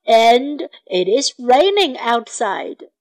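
A woman's voice: fairly high pitch, takes it slowly. A woman doing a sleepy, kind father pig. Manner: calm, drowsy and reassuring.

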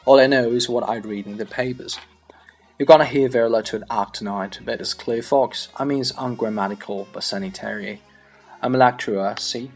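Husky male reader, Chinese native speaker. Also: medium pitch, fairly quick, soft background music. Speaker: English learner practicing accents. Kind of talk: reading a comic monologue aloud.

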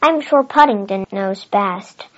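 A woman with a Chinese first language reading the part of an anxious, gentle mother in a pleading tone. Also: medium pitch, slow pace. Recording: dull lo-fi recording.

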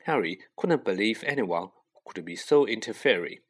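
A man reading a children's novel aloud, unhurried and expressive. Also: lowish voice, husky. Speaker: audiobook reader. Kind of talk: storybook narration.

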